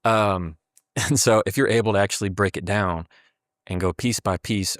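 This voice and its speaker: Deep-voiced man talking about communication. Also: steady tone, moderate pace, a bit bright, no echo, clean studio sound. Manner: reflective, acts out quoted dialogue. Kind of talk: casual podcast conversation.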